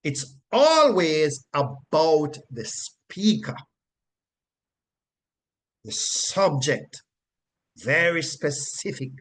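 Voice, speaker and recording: A man leads a Bible study, emphatic and repetitive, chuckling as he explains and checking in with "right?" His slightly high, bright voice is very animated yet very slow, with frequent pauses.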